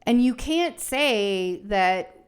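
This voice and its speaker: A young adult woman does a casual tarot reading in a fairly high, animated voice, stretching her words out. She rambles and reassures, thinking aloud with plenty of fillers and restarts.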